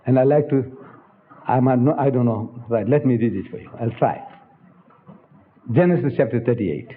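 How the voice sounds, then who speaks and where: A man's voice: medium pitch, moderate pace. Emphatic older man lecturing, tinny old tape. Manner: emphatic, rhetorical, addresses audience directly. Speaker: Islamic lecturer. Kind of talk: public religious lecture. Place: lecture hall.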